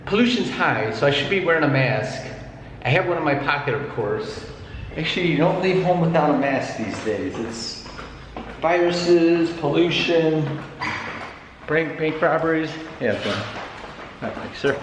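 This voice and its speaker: A man's voice: fairly high pitch, lively intonation, measured pace. A man vlogging casually as he walks around a city, chatty, rambling and self-mocking. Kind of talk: casual vlog chat. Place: outdoors in a city, walking about. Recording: noisy street recording.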